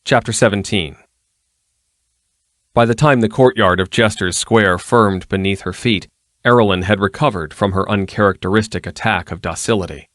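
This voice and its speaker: A man narrating a fantasy audiobook in an even, measured way. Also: fairly low pitch, no echo, studio quality. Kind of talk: scripted narration.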